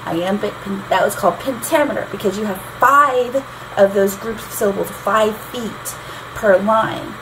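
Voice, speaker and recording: A woman teaches songwriting in an easygoing, explanatory way, often tapping out the beat of a line aloud. Her voice sits at a middling pitch. A steady hiss of background noise runs under the recording. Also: a little slow. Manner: chatty, tapping out rhythms aloud. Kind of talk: explanatory lesson.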